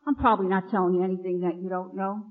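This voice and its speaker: A middle-aged nun tells her own recovery story to an audience in a meeting hall, a lively storyteller who acts out the lines of the people in it. Her voice is lowish and fast, captured on a dull lo-fi archival recording.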